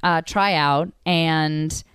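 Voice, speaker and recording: A young adult woman, a podcast guest, telling a story in casual chat and acting out the other people's voices with big jumps in pitch. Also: fairly even intonation, very slow, fairly bright tone, smooth, no room sound, studio quality.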